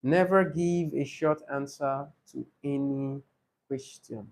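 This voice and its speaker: A man teaching an exam speaking class, repeating each rule slowly so students can take notes. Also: mid-range voice, fairly even intonation, darkish tone. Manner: repeats key rules slowly for note-taking. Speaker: IELTS trainer. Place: training session room.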